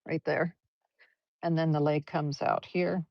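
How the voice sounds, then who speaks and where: A woman's voice: low-pitched, level tone, unhurried, gravelly, dry recording. A woman leading a live brush painting demonstration, chatty and encouraging as she talks through each stroke. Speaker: art teacher. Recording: dull, lo-fi livestream audio.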